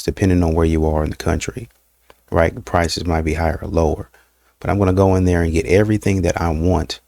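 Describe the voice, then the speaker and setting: A man's voice: low voice, gravelly, darkish tone, no room sound. A man hosting a reaction show, giving blunt, scolding commentary with repeated rhetorical questions. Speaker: reaction channel host. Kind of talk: casual commentary on clips.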